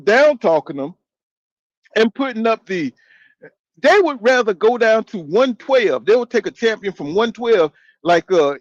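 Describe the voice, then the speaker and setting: A man in his fifties with a voice that sits high hosts a boxing channel, reading viewer comments aloud in a loose, profane live-stream chat and talking back to chat. There is no echo, and the highs are cut off.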